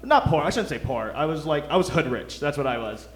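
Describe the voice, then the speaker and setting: A young man from Detroit performs a loose, self-deprecating stand-up set on a comedy club stage, chuckling as he delivers his lines. His voice is fairly high, expressive, and fairly quick, and the recording carries the roomy sound of the club.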